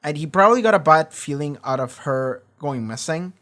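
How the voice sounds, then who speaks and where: A man's voice: a little high, normal speed. Profane, rambling male reaction streamer. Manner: animated, profane, rambling with restarts. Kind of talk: casual reaction commentary. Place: home streaming setup.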